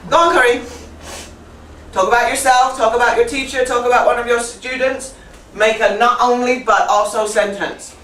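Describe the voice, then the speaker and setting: A woman teacher trainer running a lively classroom demonstration, repeating and correcting students as she goes. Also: fairly high pitch, moderate pace. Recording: echoey classroom from far off with faint noise.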